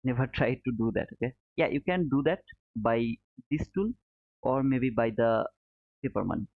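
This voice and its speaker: A man's voice: medium pitch, lively intonation, moderate pace, vocal fry. A man teaching trading live, walking through charts step by step, repeating key points and calling his viewers brother. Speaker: trading educator streaming live. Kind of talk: live chart commentary answering chat. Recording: narrow phone-like audio.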